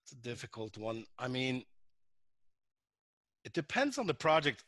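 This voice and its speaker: A man from Norway, a guest actor chatting in an interview in a relaxed, halting way, often restarting. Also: medium pitch, no room sound, clean studio sound. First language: Norwegian. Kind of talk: casual interview chat.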